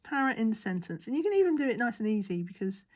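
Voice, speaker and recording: A woman's voice: fairly high pitch, big pitch swings, fast talker, darkish tone. A woman chatting casually as she works on a craft, mumbling and half-whispering to herself. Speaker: crafting vlogger. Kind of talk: casual chat while crafting.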